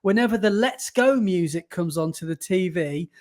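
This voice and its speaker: A man with a notably high voice hosts a casual podcast. He reads listener emails aloud in an animated way and breaks into laughter often. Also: moderate pace. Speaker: podcast co-host.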